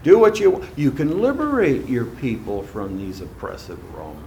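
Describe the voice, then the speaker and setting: A scheming, mocking male devil, as a preacher puts him on, swinging wildly in pitch and swelling loud. The voice has a gravelly, fried edge and the sly lure of a tempter in a sermon. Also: wildly swooping pitch, moderate pace, slight background noise. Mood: coaxing.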